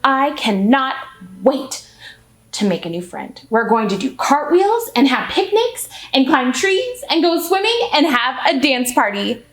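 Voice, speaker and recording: Woman putting on an eager little storybook girl, bubbly, high and lilting, echoey room, faint music. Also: measured pace. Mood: excited. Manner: bouncy, excited. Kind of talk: storybook character voice.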